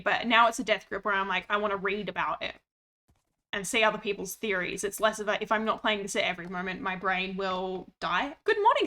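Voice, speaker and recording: Bright, playful woman streamer. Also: medium pitch. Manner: playful, chatty, reads chat aloud. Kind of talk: casual gaming stream chat.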